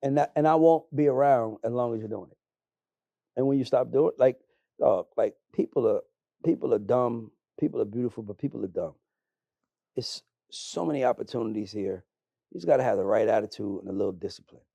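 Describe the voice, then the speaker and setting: A man's voice: mid-range voice, fairly quick, gravelly, mellow, no echo, lo-fi sound. A man, a podcast guest, telling his life story bluntly and emphatically, swearing freely as he talks. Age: adult. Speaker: podcast guest, music manager. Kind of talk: candid conversational storytelling.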